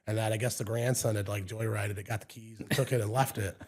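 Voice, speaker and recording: A man telling stories in a relaxed, chatty way, guesting on a podcast as a home inspector. He gets animated and acts out the voices of people he met on the job. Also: on the low side, quick pace. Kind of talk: casual storytelling.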